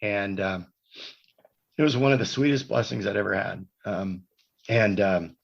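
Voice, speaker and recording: A husky, fairly low male voice with vocal fry and fairly even intonation speaks unhurriedly as a podcast guest. He recounts a long personal story in casual conversation, rambling and correcting himself. The podcast audio is dull and lo-fi.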